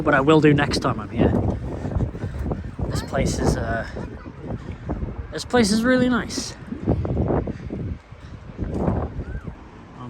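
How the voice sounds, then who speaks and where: A man vlogging casually as he drives and walks around a town, joking at his own expense and muttering asides. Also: mid-range voice. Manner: chatty, self-mocking, mutters asides. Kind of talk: casual travel vlog. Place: outdoors in town and in a car. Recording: loud street noise. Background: loud outdoor and traffic noise.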